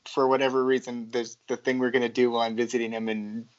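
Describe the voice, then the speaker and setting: A man's voice: medium pitch, level tone, fast. A man guesting on a podcast in casual chat, hesitant and restarting his sentences, often laughing. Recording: dull lo-fi audio.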